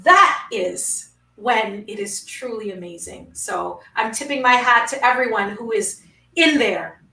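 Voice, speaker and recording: A woman's voice: fairly high pitch, unhurried, vocal fry, sharp tone, reverberant, recorded from a distance, poor audio. A woman guest speaking in an emphatic, motivational way, with rhythmic repetition. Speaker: guest, founder of a women's network. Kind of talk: inspirational conversation.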